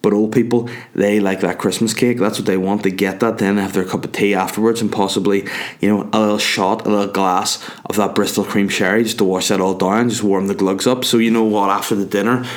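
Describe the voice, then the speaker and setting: A man's voice: fairly low pitch, level tone, brisk. A young man, rambling through a crude comic monologue full of tangents. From Ireland.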